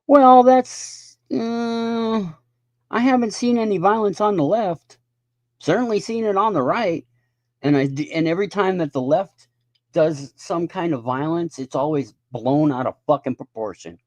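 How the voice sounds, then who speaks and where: A man's voice: a little high, normal speed, no echo. A man in his fifties ranting in a casual live stream monologue, profane and rambling. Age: 50s.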